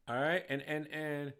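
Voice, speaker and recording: Bright-voiced, profane bar manager telling a story. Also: male voice, a little high, vocal fry. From Detroit. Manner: heated, profane, swings from quiet to shouting.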